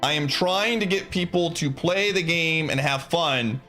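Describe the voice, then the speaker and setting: A man's voice: on the high side, unhurried, bright, forceful tone, faint music behind. A man streaming live, ranting to his chat in a frustrated, emphatic, insistent way.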